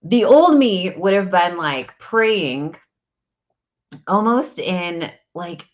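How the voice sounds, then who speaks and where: Low-voiced woman chatting about energy work. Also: expressive, drawn-out words, dull audio. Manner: chatty, rambling, many likes and ums. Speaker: energy practitioner and coach. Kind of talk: casual spiritual talk to camera.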